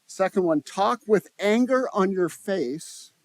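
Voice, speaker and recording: A man's voice: high-pitched, animated, slow, dry recording. Man giving a conference talk, dry close sound. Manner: conversational, restarts phrases, asks the audience questions. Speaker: conference speaker. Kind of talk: live conference talk to an audience. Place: conference room.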